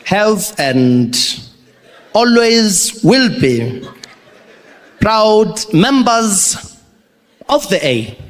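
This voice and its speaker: A man doing an impression of an older male president, stretching each phrase in a halting, grand speech cadence. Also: high-pitched, sing-song, long reverb tail, exaggerated voice. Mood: pompous. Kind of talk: stand-up comedy impression.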